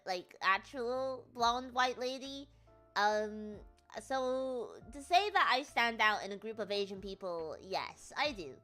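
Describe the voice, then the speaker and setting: Bright chatty woman streamer. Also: a little high. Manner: rambling, chatty, self-deprecating with frequent laughs. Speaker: VTuber streamer. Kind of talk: casual chat stream.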